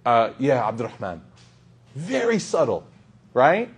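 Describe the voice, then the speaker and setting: A man's voice: mid-range voice, wildly swooping pitch, unhurried, breathy edge. Guy preaching to a crowd, chatty, keeps saying right, repeats stuff for emphasis. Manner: conversational, repeats phrases for emphasis, asks "right?" often; quotes Arabic scripture. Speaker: Islamic preacher. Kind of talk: casual sermon to a live audience.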